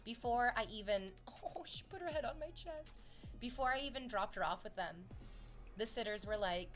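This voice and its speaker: A woman's voice: fairly high pitch, brisk, a bit bright. Playful woman streamer just chatting with chat, swears a bit, light music in the back. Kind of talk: casual livestream chat.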